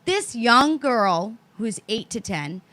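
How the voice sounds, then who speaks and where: Woman co-host, high bright voice, animated and profane storyteller. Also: slow. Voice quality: animated, swearing, acts out voices in stories. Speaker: podcast co-host. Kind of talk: casual storytelling chat.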